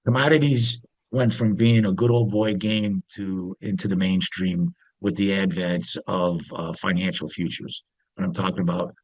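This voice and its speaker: With no room sound, this man's lowish, slightly rough and somewhat mellow voice carries casual storytelling. He's an interview guest and ex-pit trader who rambles, using many fillers and restarting often.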